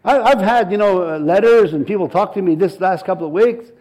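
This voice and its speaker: A middle-aged man with a notably high voice preaches a sermon. He drives his points home with emphatic repetition and climbs in intensity as he goes. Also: a little fast, a little mellow, low-quality recording. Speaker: pastor.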